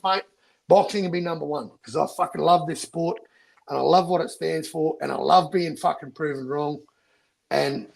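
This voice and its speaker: A man's voice: a little high, vocal fry, low-quality recording. An Australian man, a boxing YouTuber, arguing passionately in casual debate and swearing a lot.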